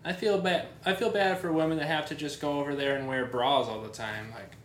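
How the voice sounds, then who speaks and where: A man's voice: a little high, brisk, a little hiss or hum. A man hosting a podcast in casual chat, joking and laughing easily. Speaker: podcast host. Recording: echoey room, faint music.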